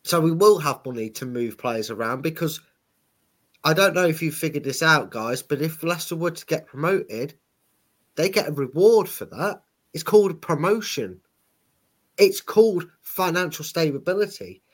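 A man's voice: fairly high pitch, lively intonation, moderate pace. A man co-hosting a football podcast, chatty and sarcastic, laughing as he tells stories. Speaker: podcast co-host. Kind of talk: casual football chat.

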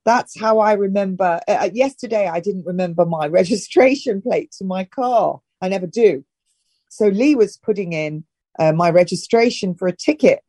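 Mellow-voiced woman giving brisk advice. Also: medium pitch, no room sound, studio quality. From northern England. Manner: direct and emphatic, with brisk instructions. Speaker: health and wellness guest. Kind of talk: casual advice-giving interview talk.

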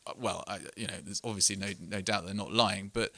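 A man's voice: on the low side, steady tone, brisk, creaky, sharp tone, dry recording. A middle-aged man from England giving a live book talk, speaking earnestly and candidly, with self-deprecating asides, and reading passages aloud to an audience.

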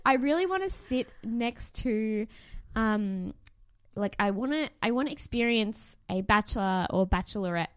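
A woman's voice: a little high, expressive, moderate pace, clear, resonant tone, no echo, clean studio sound. A young woman, co-hosting a podcast in a loose, giggly way with lots of fillers. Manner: giggly, rambling with many fillers. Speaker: podcast co-host. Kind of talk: casual chat.

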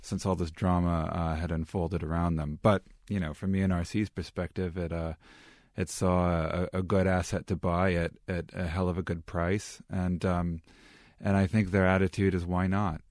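A man speaking as a guest analyst in a studio discussion, emphatic and halting, with many restarts. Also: sits low, level tone, a little mellow, no echo.

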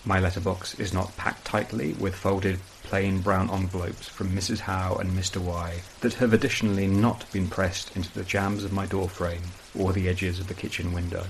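A man reading a first-person horror story as scripted narration, in a measured, brooding way. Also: low voice, flat delivery, a little hiss or hum, poor audio.

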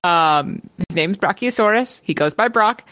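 A woman's voice: mid-range voice, expressive, moderate pace, fairly bright tone, dry recording. Rambling playful woman improviser. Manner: rambling, playful, lots of fillers. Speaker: comedy improviser pitching a musical. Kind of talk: improvised comedic pitch.

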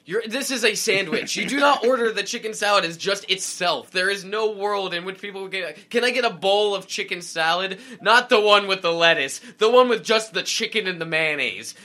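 A man's voice: high voice, moderate pace, hardly any pauses, sharp tone. A young man co-hosting a podcast, arguing in exasperated, swearing rants with bursts of laughter. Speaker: podcast co-host. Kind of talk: casual banter.

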